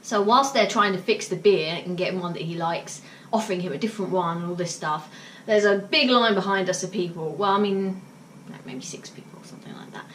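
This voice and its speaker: A woman vlogger with a lowish, slightly bright voice tells a casual story to camera at a fairly quick pace. She's chatty, using lots of fillers and bursting into laughter. The recording is roomy, with a distant mic and faint noise.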